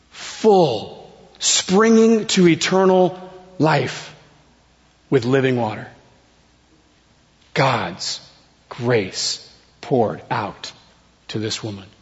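A man delivers a sermon at an unhurried, deliberate pace, his voice a touch high for a man. He lets key words fall away into near-quiet. The sound is dull and lo-fi, with a long reverb trailing through the hall. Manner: slow, dramatic delivery with sudden soft drops. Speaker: preacher.

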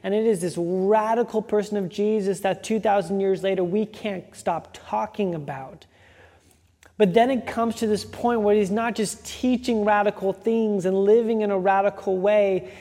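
Gravelly, flat-toned preacher in a hall. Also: mid-range voice, moderate pace. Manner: emphatic with rhythmic repetition. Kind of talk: sermon.

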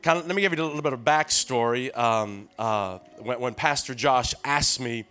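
A man in his sixties with a Tennessee accent preaches as a guest preacher in a clean, mid-range voice at a moderate pace. He tells folksy stories with frequent restarts and keeps a lively call-and-response going, calling out to the crowd and urging them on.

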